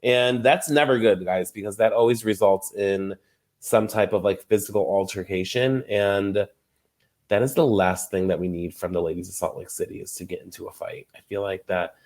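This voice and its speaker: A man's voice: lowish voice, moderate pace, a little mellow. A young adult man hosting a casual recap podcast, gossipy and chatty, often laughing and acting out quotes. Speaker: podcast host.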